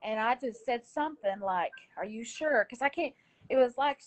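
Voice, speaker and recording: Woman, high voice, defensive and repetitive, live video chat. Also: moderate pace. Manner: defensive, repetitive storytelling, cusses. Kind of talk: casual heated chat.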